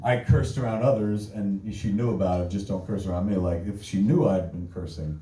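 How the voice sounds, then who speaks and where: Profane, animated male storyteller in an echoey room. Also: sits low, brisk. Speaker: podcast host. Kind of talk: live podcast storytelling. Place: live stage before an audience. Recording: echoey live venue from far off.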